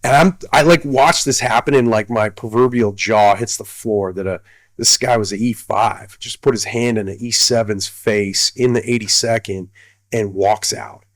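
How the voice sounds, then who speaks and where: A man's voice: lowish voice, steady tone, normal speed, no room sound. A middle-aged man, a retired army colonel, telling a story casually, rambling with many fillers and restarts.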